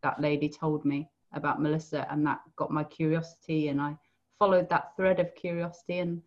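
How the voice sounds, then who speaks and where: British woman, podcast guest; low-set, gentle voice, thoughtful, mildly muffled audio. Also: level tone, a little fast. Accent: British English. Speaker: podcast guest, equine coach. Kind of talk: conversational interview.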